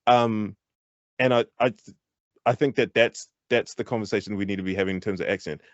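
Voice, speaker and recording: Male hip-hop artist guest, animated and emphatic, laughs as he argues, muffled dry sound. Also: fairly low pitch, a little fast, dry recording. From New Zealand. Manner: animated, emphatic, laughs while making points. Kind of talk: candid interview talk.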